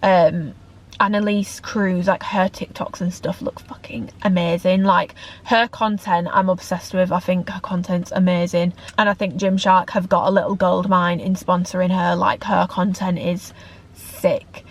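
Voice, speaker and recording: A woman's voice: on the low side, little pitch movement, unhurried. A young woman, talking candidly in a chatty vlog about her work as a fitness coach and creator, rambling with lots of "like". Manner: candid, rambling, heavy use of "like".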